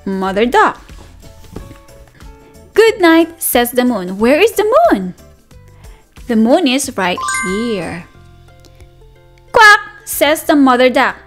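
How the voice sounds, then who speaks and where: A woman teacher reading a picture book aloud to toddlers, animated and sing-song, gasping and asking the children questions. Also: a little high, takes it slowly, soft background music.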